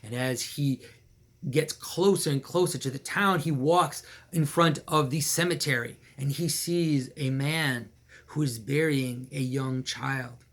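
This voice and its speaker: Animated man retelling a legend. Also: medium pitch, a little slow. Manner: animated, repetitive, with small laughs and restarts. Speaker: storyteller and commentator. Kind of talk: casual storytelling of a legend.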